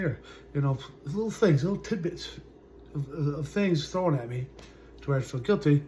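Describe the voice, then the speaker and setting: A man in his forties telling his own story as a vlogger, halting and full of fillers, his sentences often trailing off quietly. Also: on the high side, expressive, background noise. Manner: halting, full of "uh" and "you know", trailing off softly. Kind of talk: personal storytelling to camera.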